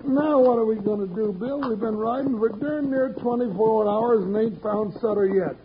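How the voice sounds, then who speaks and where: An actor playing a fretful, grumbling old cowboy sidekick with a folksy drawl, in a 1950s radio western. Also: male voice, high-pitched, normal speed, narrow, tinny audio, close to an everyday voice. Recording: hissy 1950s radio broadcast.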